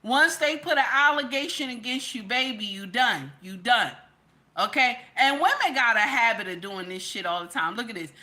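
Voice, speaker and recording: This social media commentator's slightly high voice has lively intonation and a pushed, bright quality, moving at a moderate pace. She speaks casually and emphatically, sprinkling in "okay?" and calling her viewers "baby" and "y'all."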